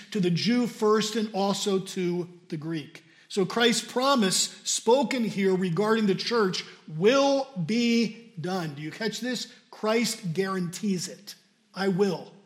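A man preaching a sermon and reading scripture aloud, stressing key words and repeating them for emphasis. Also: high-pitched.

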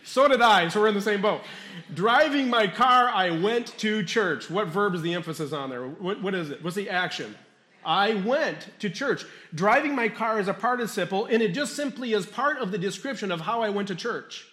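A man's voice: high voice, expressive, fast talker, hardly any pauses, a bit bright, reverberant. A man preaching a sermon as pastor, teaching step by step, asking the congregation questions and repeating key phrases.

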